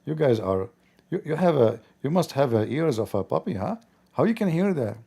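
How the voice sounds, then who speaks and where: Gravelly sarcastic man. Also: medium pitch, very animated, normal speed, warm tone. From Arab world. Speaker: host reacting to news clips. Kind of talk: mocking live commentary.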